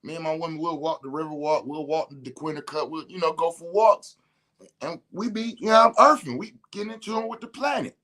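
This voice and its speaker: A man's voice: fairly high pitch, fairly quick, sharp tone. Slangy man on a rant. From Detroit. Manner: emphatic, slangy, repeats himself. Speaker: podcast host. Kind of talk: casual spiritual rant.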